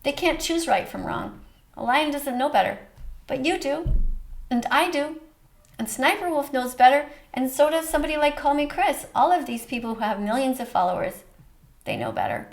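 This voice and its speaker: A woman's voice: sits high, sing-song, normal speed, creaky. A woman hosting a reaction video, speaking earnestly and emotionally, with a preachy tone. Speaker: host reacting to a short film. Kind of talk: reaction commentary.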